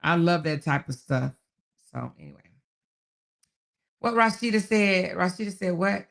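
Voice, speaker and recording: A woman hosts a relaxed live chat and reads out comments from her viewers. She speaks in a folksy, affectionate way and calls people baby, child and honey. Her voice is gravelly and full of fry, and she laughs often as she talks. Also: fairly low pitch, measured pace. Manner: laughs often while talking. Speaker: livestream host.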